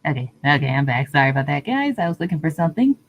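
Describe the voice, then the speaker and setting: Streamer, woman, low pitch, chatty and easygoing with viewers. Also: big pitch swings, racing, dull audio, a little hiss or hum. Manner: chatty, answers viewer comments, laughs often. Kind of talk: casual live-stream chat.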